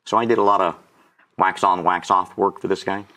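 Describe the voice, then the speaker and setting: Low-voiced guest in his 60s, emotional testimony storyteller who chokes up. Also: fairly even intonation, fairly quick, sharp tone. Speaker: guest auctioneer.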